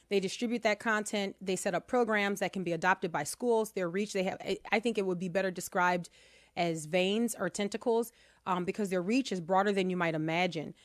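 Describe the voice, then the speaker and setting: On a dry, clean studio recording, a middle-aged woman with a mid-range voice co-hosts a talk radio show. Her casual commentary is chatty and emphatic, and she laughs easily between points.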